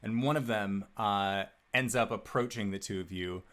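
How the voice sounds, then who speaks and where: Low-voiced man narrating as game master. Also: moderate pace. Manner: relaxed, frequent "uh" fillers while narrating.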